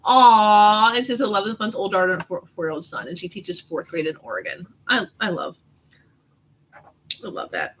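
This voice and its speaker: A woman's voice: medium pitch, expressive, moderate pace, fairly bright tone, rough recording. Chatty woman hosting a doodle livestream. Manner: chatty, teasing, reads out viewer comments. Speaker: host of a live doodling chat. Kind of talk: casual live-stream chat while drawing.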